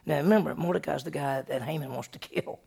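Gravelly storyteller retelling a Bible story. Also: medium pitch, fast talker. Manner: lively, conversational retelling. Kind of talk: telling a Bible story to a group.

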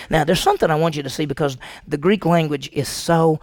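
A man preaching a sermon to his congregation, animated and asking the room questions. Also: fairly high pitch, fast, few pauses, no echo. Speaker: pastor. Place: church sanctuary.

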